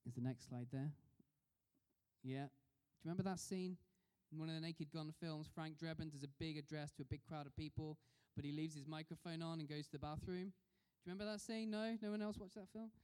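A man's voice: fairly high pitch, fairly even intonation, fairly quick, a little mellow, smooth. Man preaching in a reverberant hall. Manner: conversational, asks the congregation questions. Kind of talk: sermon.

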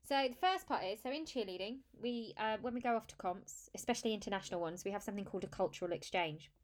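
A woman's voice: medium pitch, expressive, fast. A woman hosting a podcast, leading a casual interview with fillers and restarted phrases. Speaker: podcast host.

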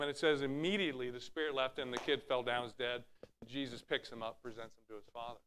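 A man's voice: mid-range voice, fairly even intonation, brisk, fairly bright tone, slight background noise. A man preaching a sermon, teaching from scripture with rhetorical questions and acting out Bible scenes in raised voices. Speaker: pastor.

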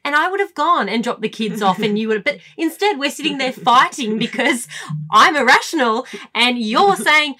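A woman, co-hosting a casual chat and telling animated stories while laughing easily. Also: high voice, normal speed. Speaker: podcast co-host.

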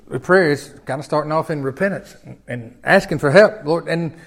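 Guy preaching, kinda high voice, gets loud then drops real quiet, folksy talk. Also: normal speed, creaky, few pauses. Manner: folksy, rising to loud emphatic peaks then dropping low. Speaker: pastor. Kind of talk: sermon.

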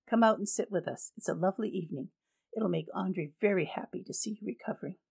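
A woman voicing a practical, caring woman who speaks briskly and directly in a storybook reading. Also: mid-range voice, gravelly, darkish tone, husky. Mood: coaxing.

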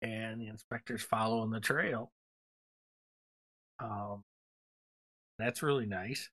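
A man's voice: lowish voice, takes it slowly, bright, forceful tone. A man co-hosting a casual podcast chat, rambling enthusiastically with lots of fillers. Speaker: podcast co-host.

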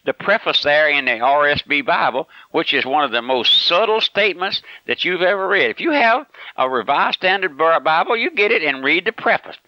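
A man's voice: fairly high pitch, expressive, moderate pace, few pauses, sharp tone, no echo. A man preaching a radio sermon, emphatic and repeating his points, often calling the listener my friend. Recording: dull lo-fi broadcast recording.

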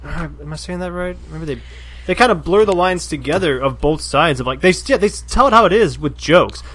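A man's voice: fairly high pitch, expressive, fairly quick, fairly bright tone, slight background noise. A man co-hosting a casual podcast, chiming in with laid-back quips. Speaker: podcast co-host. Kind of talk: casual chat.

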